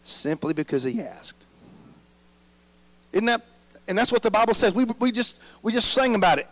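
A man's voice: on the high side, moderate pace, poor audio. A man preaching a sermon as pastor, drawing the congregation in with frequent "amen?" prompts.

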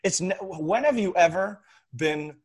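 A man with a slightly raised voice talks earnestly in a relaxed conversation. He explains his point through a long analogy. He clears his throat every so often as he goes. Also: high-pitched, unhurried. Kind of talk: casual conversation.

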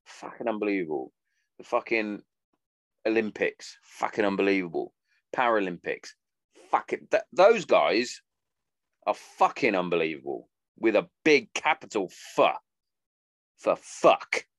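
Man, 30s, podcast host; lowish voice, dry close sound, loose sweary ramble. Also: big pitch swings, unhurried, long pauses, dry recording. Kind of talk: casual monologue.

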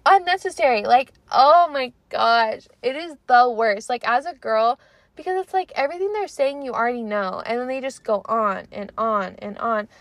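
A woman's voice: fairly high pitch, moderate pace, fairly bright tone, no echo. A young woman in her twenties hosting a podcast, chatting casually and animatedly, with lots of "like" and unfinished thoughts. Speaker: podcast host. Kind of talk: casual chat.

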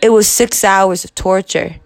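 A young woman in her twenties hosts a podcast, telling a personal story in a halting, profane confessional monologue. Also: medium pitch, steady tone, no room sound. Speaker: podcast host.

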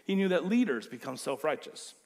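A man preaching a sermon as pastor, animated and emphatic. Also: on the high side, a little fast.

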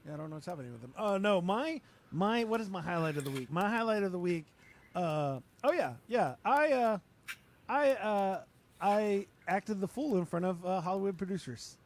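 A man's voice: high voice, expressive, moderate pace. A man hosting a podcast in goofy, self-mocking, scattered chat over a mobile phone line. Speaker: podcast host.

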